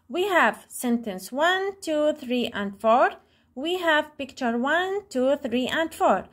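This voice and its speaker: Lively high-voiced woman teaching children. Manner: slow, clear, repeats each word twice. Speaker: English teacher. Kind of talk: classroom lesson for young pupils, mixing English and Arabic.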